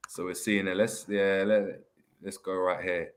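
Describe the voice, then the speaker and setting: Speaking low with a flat delivery, a young London-accented man hosts a casual live stream. He talks fast and slangy, reading viewers' comments out loud.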